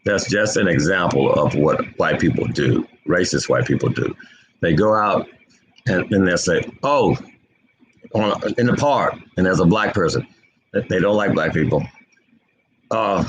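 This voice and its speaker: A man giving an unscripted spiritual commentary, impassioned and repetitive, his pitch swinging between low and high. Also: animated, normal speed, a little hiss or hum, poor audio. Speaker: online preacher.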